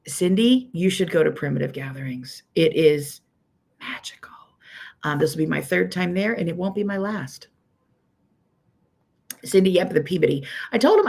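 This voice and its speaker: A woman's voice: on the low side, moderate pace, vocal fry, pauses often, darkish tone. A woman with a Pittsburgh accent hosting a casual livestream, chatty and rambling with many "um"s as she greets viewers by name. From Pittsburgh, USA. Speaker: quilting teacher hosting a weekly livestream.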